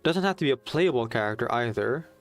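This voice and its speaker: A man's voice: medium pitch, lively intonation, fast talker, soft background music. Chatty young male streamer. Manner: chatty, a little nervous, reads chat aloud. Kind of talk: casual live-stream chat.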